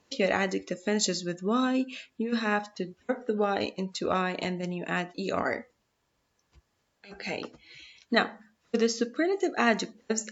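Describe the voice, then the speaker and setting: A woman's voice: medium pitch, lo-fi sound. A woman whose first language is Arabic, teaching an English grammar lesson patiently, repeating rules and checking in with "okay?".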